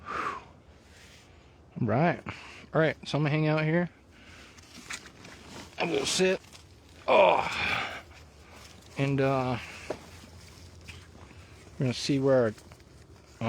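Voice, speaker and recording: A man's voice: medium pitch, slow pace, gravelly, pauses often, a little hiss or hum. A man from Colorado hosting a live vlog outdoors on a mountain, chatting casually and often asking his viewers "huh?".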